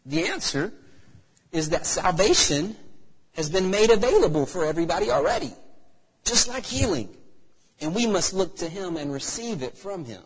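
A man's voice: high-pitched, big pitch swings, normal speed, husky. A man preaching a sermon in a church hall, asking the congregation rhetorical questions. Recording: echoey hall reverb.

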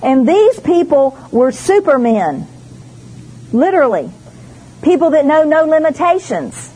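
A woman's voice: high-pitched, big pitch swings, measured pace, dark tone, low-quality recording. A woman preaching a sermon, emphatic and storytelling, voicing the people she quotes. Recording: faint background noise.

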